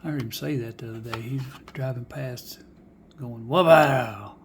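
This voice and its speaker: A man's voice: mid-range voice, steady tone, a little fast, vocal fry, a little hiss or hum. A man showing off die-cast cars in a casual vlog, folksy and musing aloud, often dropping to a whisper. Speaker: die-cast car collector showing finds. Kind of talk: casual show-and-tell vlog.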